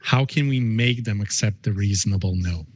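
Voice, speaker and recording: A man's voice: lowish voice, moderate pace, breathy edge, no echo. A man moderating a conference session and hesitantly reading out a question from the chat. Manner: hesitant, many fillers.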